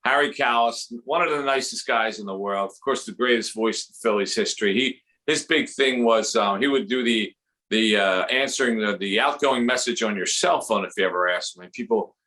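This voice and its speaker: A man with a Philadelphia accent doing a rambling, jokey comedy set at a fundraiser and dropping into quick impressions. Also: on the low side, sharp tone.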